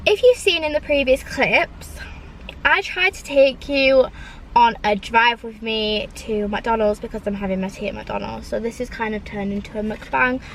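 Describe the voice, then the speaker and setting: Young girl rambling in her car, kinda high voice, faint traffic noise. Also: steady tone, moderate pace, creaky, poor audio. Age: young adult. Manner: chatty, rambling, lots of likes. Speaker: vlogger. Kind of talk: casual chat. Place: parked car.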